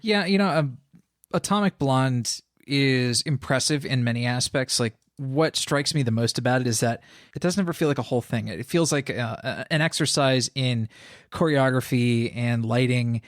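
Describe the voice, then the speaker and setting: A man's voice: medium pitch, normal speed, dry recording, studio quality. A man co-hosting a film podcast, recommending movies in an enthusiastic, casual way. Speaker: podcast co-host. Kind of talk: casual film review chat.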